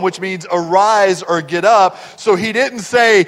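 Man, middle-aged pastor, sermon, soft asides, building to loud peaks, higher-pitched voice, echoing hall. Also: measured pace, hardly any pauses. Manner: swings from hushed, tender asides to loud, rising build-ups.

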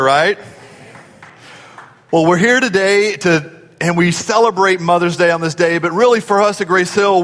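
A man's voice: on the high side, fairly bright tone, long reverb tail. A man preaching a sermon as pastor, folksy and conversational, often asking the congregation questions.

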